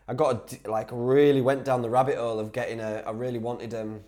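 A young man with a North Yorkshire accent hosts a solo podcast Q&A. He talks in a loose, laddish way at a middling pitch, laughs easily and often stops to restart a sentence. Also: level tone, fast talker, darkish tone. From Whitby, North Yorkshire, England. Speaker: podcast host. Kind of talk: casual solo Q&A.

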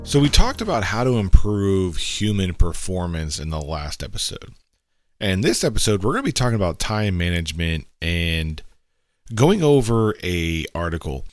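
A man's voice: low-pitched, moderate pace, dry recording, faint music behind. A man in his thirties hosting a podcast, telling a story casually and acting out the voices in it. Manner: animated, acts out quoted voices, laughs while telling. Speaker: podcast host.

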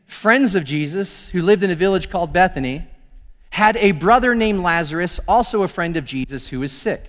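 A male pastor giving a sermon, telling the story with animated acted-out dialogue. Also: high voice, big-room sound.

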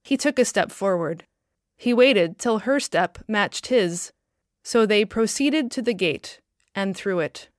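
Woman storyteller, calm measured reading, dry close sound. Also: mid-range voice, no echo. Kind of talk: scripted story narration.

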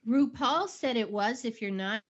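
A woman's voice: a little high, expressive, measured pace. A woman co-hosting a casual podcast, reading a film synopsis and adding earnest asides to listeners. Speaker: podcast co-host. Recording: dull lo-fi recording.

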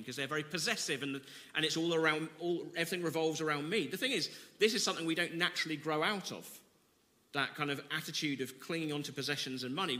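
Man, pastor, sermon, bright tone, long hall reverb, dramatic scripture reading. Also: fairly high pitch, fast. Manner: reads scripture with dramatic emphasis, then explains conversationally.

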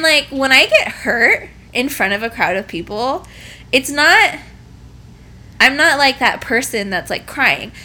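A woman's voice: on the high side, pushed and bright. A pregnant young woman telling an embarrassing story in casual chat, laughing often and swearing freely.

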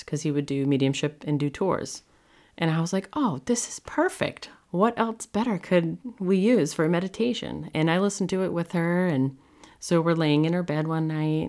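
Woman, very deep voice, middle-aged, from the US, casual monologue, chatty storytelling, lots of fillers. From United States. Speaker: podcast host and medium.

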